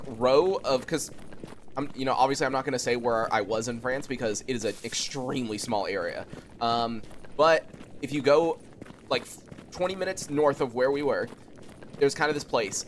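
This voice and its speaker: A young man streaming a game, chatting loosely with viewers and swearing a lot. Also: a little hiss or hum. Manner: yells in high-pitched disbelief when killed in game. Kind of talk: casual gaming stream chat.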